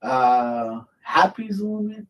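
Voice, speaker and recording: A man's voice: fairly high pitch, sing-song, slow pace, a bit bright. Veteran man host, casual profane storyteller, heard from a distance. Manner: profane, rambling with many fillers.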